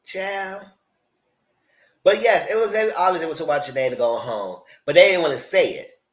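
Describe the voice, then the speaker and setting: A man hosting a live discussion of a reality show, dramatic and sassy, swinging into high exclamations. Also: expressive, fairly quick, echoey room. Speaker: host.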